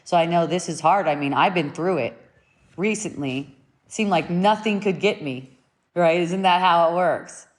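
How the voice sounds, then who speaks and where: Woman teacher talking spirituality, lowish voice, slow and reflective, keeps rewording things. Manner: unhurried, repeats and rephrases her points.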